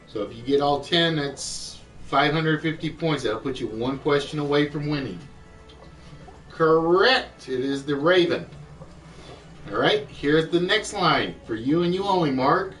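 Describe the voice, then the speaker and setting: A man hosting an online quiz show, chatting and thinking aloud, reading clues out slowly. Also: on the high side, animated, fairly bright tone, far from the mic, low-quality recording. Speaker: game show host. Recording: voice a bit off-mic with music behind.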